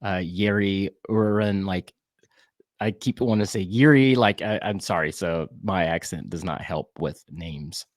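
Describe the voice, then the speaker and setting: A man with a Southern US accent co-hosting a soccer podcast, breaking down match plays in a relaxed, rambling way with fillers and restarts. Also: low voice, measured pace, dry recording, studio quality. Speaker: podcast co-host. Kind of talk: casual sports chat.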